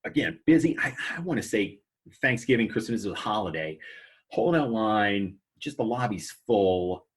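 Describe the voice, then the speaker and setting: A man's voice: fairly low pitch, expressive, normal speed, husky. A man chatting as a podcast guest, telling work stories with frequent stammers and restarts. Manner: stammers and restarts, quotes customers. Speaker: podcast guest, movie theater manager. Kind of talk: casual storytelling chat. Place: podcast recording.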